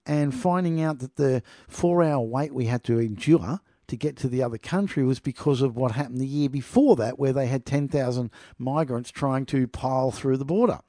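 Rambling podcast man with a dark tone. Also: medium pitch, no room sound, studio quality. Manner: rambling, repeats "people" for emphasis. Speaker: podcast host. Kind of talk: casual monologue and article reading.

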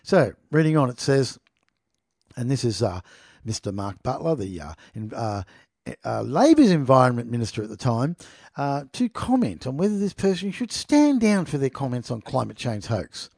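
A man's voice: medium pitch, very animated, moderate pace, vocal fry, darkish tone, no room sound. Man, online commentator, reads news aloud and mocks it, indignant, dry close sound. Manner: indignant, mocking, keeps addressing listeners as "people". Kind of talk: reading a news article aloud with running commentary.

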